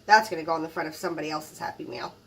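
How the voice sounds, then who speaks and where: A woman hosting a crafting channel, narrating an unboxing in a casual, gushing way, admiring each item with soft exclamations. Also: deep voice, racing, recorded from a distance.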